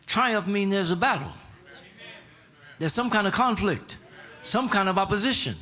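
A man with a high, sharp, animated voice preaches at a moderate pace, leaving long pauses. His sermon is casual and colloquial, with repeated words and call-and-response prompts urging the congregation to answer back.

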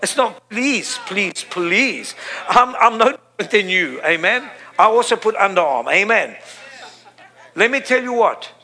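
A man's voice: high-pitched, animated, a little slow, sharp tone. A middle-aged man preaching a sermon, impassioned and repetitive, building to emphatic peaks.

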